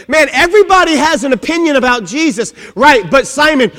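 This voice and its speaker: A man's voice: very high-pitched, expressive, brisk, few pauses, sharp tone. A man preaching a sermon, emphatic, full of rhetorical questions and lines that open with "man". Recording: long reverb of a large hall.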